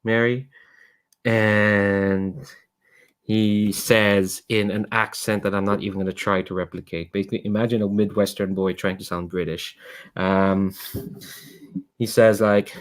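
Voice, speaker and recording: Slightly low-voiced game master. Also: male voice, flat delivery, a little slow, smooth. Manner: rambling, laughs often. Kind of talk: narrating a tabletop game.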